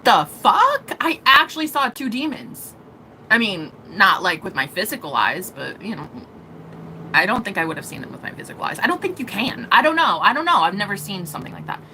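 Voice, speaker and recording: Young woman vlogger, bright, lively delivery, swears casually, faint room noise. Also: mid-range voice, a little fast, low-quality recording. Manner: animated, profane, laughing often. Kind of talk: casual storytelling to camera.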